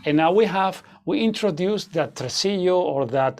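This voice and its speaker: A man's voice: on the high side, normal speed. A man teaching an online guitar masterclass, explaining rhythms with frequent fillers and "okay?" check-ins.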